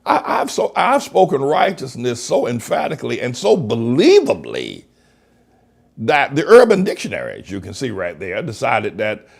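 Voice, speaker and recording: A man's voice: mid-range voice, huge pitch swings, moderate pace, gravelly, breathy edge. A male pastor preaching a broadcast sermon, emphatic, stretching out key words and repeating himself.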